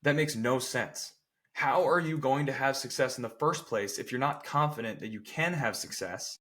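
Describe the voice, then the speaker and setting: A man's voice: mid-range voice, normal speed, fairly bright tone. A man who works as a strength coach, talking casually on a podcast, emphatic and often checking in with "right?". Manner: acts out people's quotes with playful voices.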